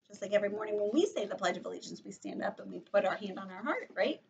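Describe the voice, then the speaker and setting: A woman teacher giving an online read-aloud lesson for young children, explaining slowly and clearly into a computer microphone, on a dull lo-fi recording. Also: medium pitch, lively intonation. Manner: clear, slow, sing-song explaining to kids.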